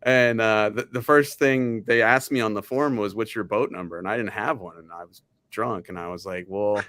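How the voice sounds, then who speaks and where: A man who is the guest, telling animated stories in casual chat and laughing at himself often. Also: fairly low pitch, moderate pace, no room sound.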